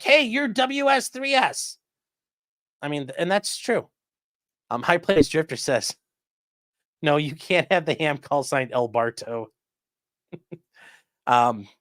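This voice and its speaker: A man's voice: a little high, no room sound, clean studio sound. A man hosting a casual livestream, chatting loosely and reading viewer comments aloud. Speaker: livestream host reading chat.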